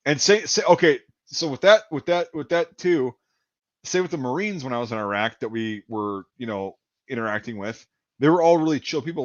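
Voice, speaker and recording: A podcast host from Wisconsin, his mid-range voice recorded with a dull, dry, lo-fi sound and no echo, tells a rambling story in casual chat. He repeats words and acts out what people said.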